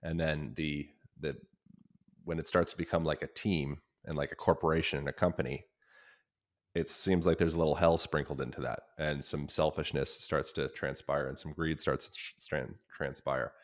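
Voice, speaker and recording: A man's voice: rumbling low, steady tone, moderate pace. A man hosting a podcast, thinking aloud in a searching, conversational way. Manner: thoughtful, searching, with restarts. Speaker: podcast host. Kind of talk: casual interview talk.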